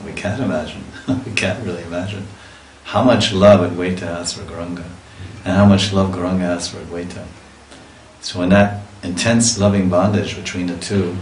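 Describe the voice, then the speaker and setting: A man's voice: low voice, echoey room, a little hiss or hum, poor audio. A man speaking as a swami in a devotional scripture lecture, reciting verses and acting out emotional cries as he tells the story. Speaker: swami giving a scripture class.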